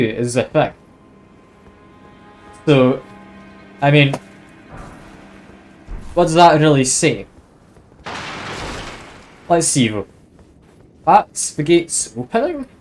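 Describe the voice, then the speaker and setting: A man's voice: medium pitch, darkish tone, slight background noise. Chatty Scottish guy streaming a game. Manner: chatty, easygoing, talks to chat while playing. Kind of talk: casual live-stream commentary.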